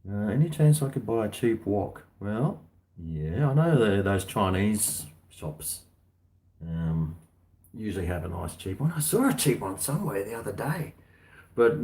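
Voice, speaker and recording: Rambling Australian man, slightly low voice. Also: a little mellow. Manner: rambling, chatty, slangy. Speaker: livestream host. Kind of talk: casual livestream chat.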